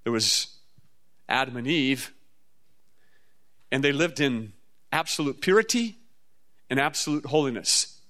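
A man from the Midwestern US, preaching a storytelling sermon in a folksy, animated way with sudden jumps up in pitch. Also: measured pace, pauses often. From Midwestern US, near the Mississippi River.

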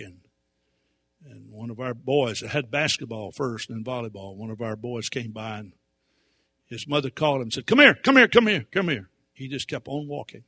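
Animated storytelling preacher with a bright voice. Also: male voice, mid-range voice, breathy edge, no room sound. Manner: animated storyteller, swinging from quiet asides to loud emphatic outbursts. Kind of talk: storytelling sermon.

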